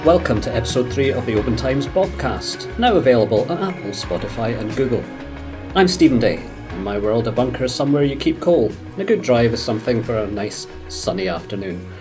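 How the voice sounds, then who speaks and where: A man's voice: medium pitch, lively intonation, fairly quick, over music. A man hosting a golf podcast, introducing the show with light jokes. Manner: lightly joking host. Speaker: podcast host.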